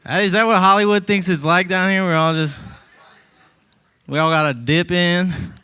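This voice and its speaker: A man from Georgia doing a stand-up comedy set in a club, talking into a handheld mic. His voice is smooth and sits a little high. He delivers his bits in a wry, laid-back, conversational way. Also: fairly even intonation, moderate pace, sharp tone.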